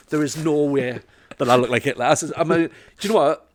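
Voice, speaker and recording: A man, a stand-up comedian telling animated, laughing anecdotes in casual chat. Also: mid-range voice, quick pace.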